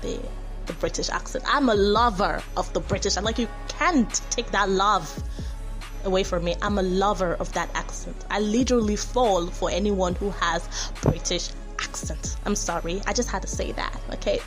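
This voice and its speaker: A woman's voice: medium pitch, moderate pace, over music. A woman hosting a radio show, chatting in a bubbly, giggly and effusive way. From Nigeria. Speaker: radio host. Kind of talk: casual radio chat.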